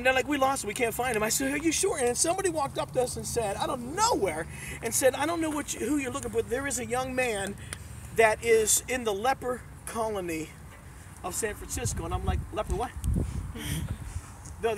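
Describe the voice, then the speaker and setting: A man preaching a sermon as a youth pastor, telling a story in an animated, emphatic storytelling style. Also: very high voice, recorded from a distance, background noise. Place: youth event.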